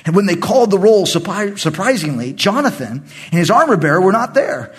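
A man pastor leading a Bible study, animated and acting out the voices of the people in the story. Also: sits high, a little fast, few pauses, husky. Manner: animated, acts out quoted voices. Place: church meeting room.

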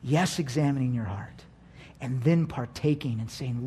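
A male pastor preaching a sermon, animated, swinging from soft asides to shouted lines and acting out voices. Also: medium pitch, normal speed, slight background noise.

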